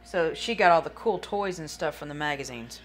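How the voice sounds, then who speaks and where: A woman's voice: low voice, expressive, moderate pace, a little hiss or hum. A woman chatting casually on a live stream, tired and yawning, rambling and talking to chat viewers by name.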